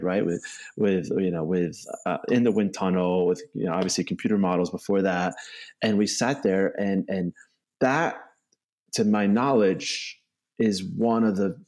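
A man's voice: fairly low pitch, darkish tone. A man as a company co-founder in a casual interview, talking in long loose runs full of "you know" and "right?". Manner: rambling, many "you know" and "right?" tags. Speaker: bike company co-founder, guest.

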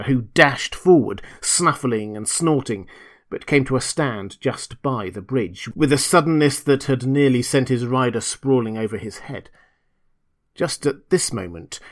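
A man reading a classic gothic tale aloud as a storyteller, theatrical and sinking to hushed tones at the tense parts. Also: mid-range voice.

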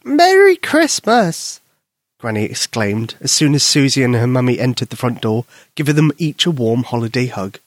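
A man gently and expressively narrating a children's story. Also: medium pitch, fairly quick, few pauses, dry recording, clean studio sound.

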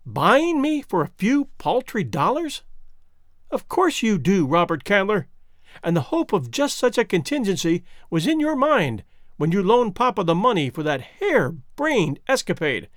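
A man's voice: sits high, no echo, studio quality. A proud cold young woman, as a man reads her. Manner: cold, level and cutting.

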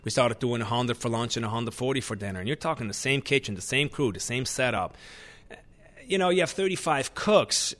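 A man, a chef, telling stories in a lively conversational way, often restarting his sentences. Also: mid-range voice, fairly quick. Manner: animated, restarts often, acts out kitchen shouting. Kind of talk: conversational storytelling.

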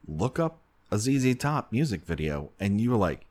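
Male podcast host, lively pitch, jokey and animated. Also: normal speed. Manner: joking, animated, frequent laughs. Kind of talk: casual comedic chat.

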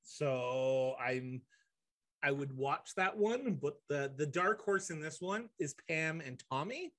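Man, casual podcast co-host, sarcastic and rambling, slightly higher voice. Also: lively intonation, slow pace, fairly bright tone. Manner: joking, sarcastic, rambling asides. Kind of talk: casual chat.

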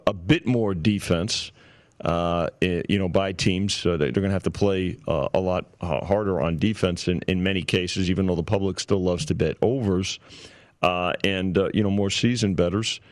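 A man with a very low voice talks through betting lines in a halting way, full of fillers and restarts. The sound is dry and close, with no room around it. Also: no echo. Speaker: sportsbook oddsmaker, show regular. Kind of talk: casual sports betting talk. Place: radio studio.

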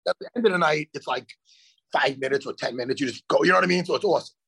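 Brief: high, lively, gravelly, husky-voiced man, swearing co-host in a hotel room. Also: very fast. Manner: animated, swearing, storytelling. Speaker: podcast co-host. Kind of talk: casual chat.

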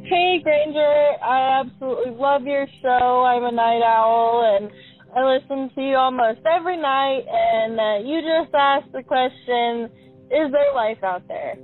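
Female phone caller, higher voice, hesitant and warm, phone-line sound. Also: unhurried, faint music behind.

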